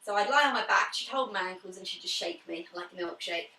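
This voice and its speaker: A woman leading a home pilates class, talking through stretches and breathing cues in a calm, chatty way. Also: mid-range voice, quick pace, creaky, far from the mic. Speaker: pilates instructor. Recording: echoey room, away from the mic.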